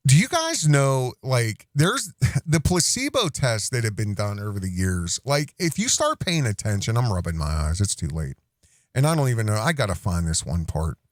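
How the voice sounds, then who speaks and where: A man's voice: lowish voice, very animated, moderate pace, dry recording, studio quality. A man hosting an online commentary show, talking in a rambling, self-interrupting way with many restarts and asides. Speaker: host.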